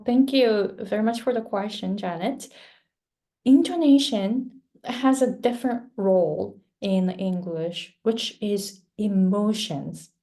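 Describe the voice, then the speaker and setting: A woman whose first language is Japanese answers audience questions as a guest speaker. She talks slowly, explains patiently and gives examples. Her voice is mellow and warm. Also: medium pitch. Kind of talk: online webinar Q&A answer.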